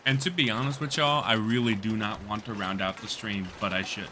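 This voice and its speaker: Dude streaming a game, cussing and joking with chat, game noise humming under him. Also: male voice, on the low side, steady tone, fairly quick. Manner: loose, profane, laughing banter with chat. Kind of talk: casual gaming livestream chat.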